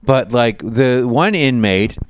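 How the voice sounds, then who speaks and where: A man's voice: medium pitch, animated, takes it slowly, dry recording. Chatty man co-host retelling scenes, bouncy intonation, dry close sound. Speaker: podcast co-host. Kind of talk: casual movie review chat.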